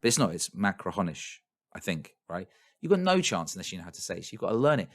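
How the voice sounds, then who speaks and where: A man with a very low voice chats casually as a podcast co-host. He rambles, restarts his sentences and laughs often. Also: sing-song, very fast. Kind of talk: casual chat.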